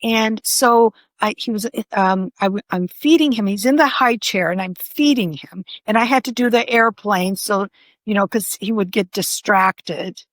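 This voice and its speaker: An older woman, an author, telling personal stories in a conversation with animated expression. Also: mid-range voice, moderate pace, no room sound. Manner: animated, vividly acts out voices in her stories. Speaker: author and podcast guest.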